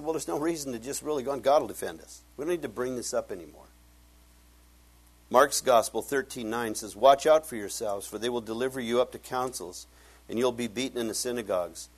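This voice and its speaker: Male pastor, husky voice, emphatic sermon with loud peaks and soft storytelling asides. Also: medium pitch. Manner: preaching with loud emphatic rises and quiet asides; tells personal stories with laughter.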